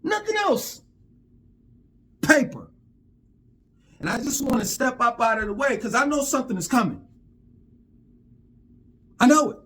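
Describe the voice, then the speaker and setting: A man vents in a fiery, profane monologue and keeps tripping over repeated words. His voice sits high and leaps all over the place. He sounds worked up and blunt. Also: a bit bright. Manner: heated, profane, stammering repetitions. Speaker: vlogger. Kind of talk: angry monologue rant.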